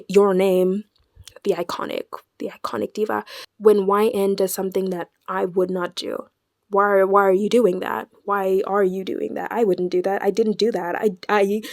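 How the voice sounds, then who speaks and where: Animated young woman vlogger, dry sound. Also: medium pitch, normal speed, no echo. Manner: animated and dramatic, with stammered restarts. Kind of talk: casual chat.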